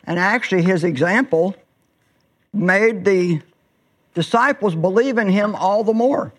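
A woman's voice: medium pitch, measured pace. A woman preaching a sermon in an earnest way, stretching words out for emphasis.

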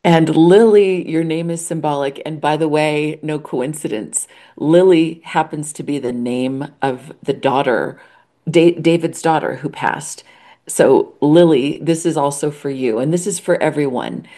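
An American woman with a strikingly deep, dark, mellow voice co-hosts a spiritual podcast. She speaks earnestly and with heartfelt warmth, lingering on words as she reads listener letters aloud. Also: a little slow. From United States. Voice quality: warm, heartfelt, teary at times. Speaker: podcast co-host. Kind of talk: emotional casual chat.

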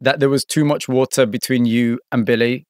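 A man's voice: medium pitch, fairly even intonation, normal speed, a little mellow, dry recording, clean studio sound. A man narrating and interviewing in a documentary style, asking probing questions.

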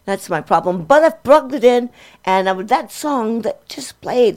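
An older woman, hosting a music show and telling rambling anecdotes in an excitable, chatty way. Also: fairly high pitch, a little slow. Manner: excitable and chatty, with many restarts and fillers.

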